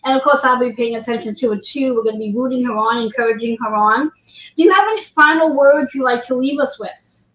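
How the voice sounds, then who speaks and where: A woman's voice: on the high side, fairly quick, fairly bright tone. A woman hosting a livestream interview, chatty and encouraging, often repeating her words. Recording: roomy, dull lo-fi livestream audio.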